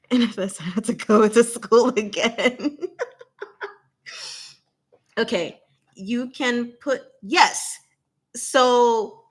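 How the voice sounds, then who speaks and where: Slow-talking young woman hosting a livestream. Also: a little high, a bit bright, slightly rough. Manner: laughs often, slow deliberate delivery. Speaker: channel host. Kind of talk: casual livestream chat.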